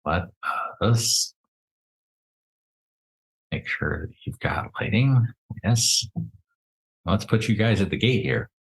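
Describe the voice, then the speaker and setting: A man narrating a tabletop game as game master in a relaxed, easygoing way. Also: low-pitched, takes it slowly, vocal fry, long pauses. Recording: roomy echo.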